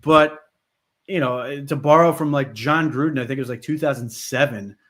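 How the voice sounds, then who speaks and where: A man's voice: mid-range voice, normal speed, a bit bright. A man co-hosting a sports podcast, talking casually with lots of "like" and "you know". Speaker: podcast co-host.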